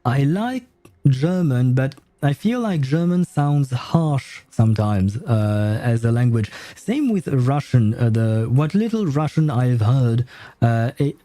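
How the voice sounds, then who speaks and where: A young French man, a native French speaker, chats casually with his stream audience while playing, in relaxed gameplay commentary. His medium-pitched voice is slow and warm with big swings in pitch, recorded with no echo. He sounds hesitant, filling gaps with lots of filler sounds and chuckles.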